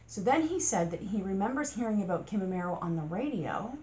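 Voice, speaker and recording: A woman's voice: medium pitch, expressive, fairly quick, mellow. A woman hosting a true-crime podcast, talking casually through her thoughts, asking rhetorical questions and sometimes getting exasperated.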